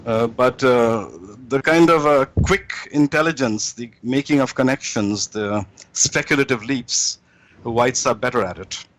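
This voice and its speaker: A man's voice: mid-range voice, unhurried, poor audio. A man guest in an interview, telling jokes in a rambling way with many restarts.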